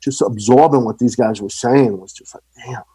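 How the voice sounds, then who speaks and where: A man's voice: mid-range voice, moderate pace, slightly rough. Man telling studio stories casually. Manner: animated, acts out quoted voices. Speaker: podcast guest. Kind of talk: casual storytelling.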